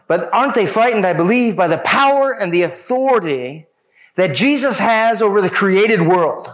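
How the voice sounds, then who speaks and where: A man preaching a sermon, speaking emphatically and addressing his listeners directly. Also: high voice.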